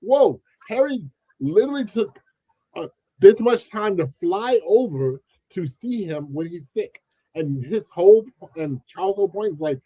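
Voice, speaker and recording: A man talks through a casual commentary chat. He is animated and slips into other people's voices when he quotes them. His tone is dark and a little high, and the room sounds dry. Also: normal speed, dry recording, low-quality recording. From United States. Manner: animated, acts out quoted voices, many restarts. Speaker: channel host.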